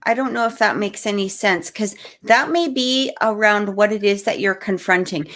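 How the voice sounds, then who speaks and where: A woman doing psychic readings on a live stream, talking gently and haltingly with many restarts. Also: medium pitch. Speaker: psychic reader.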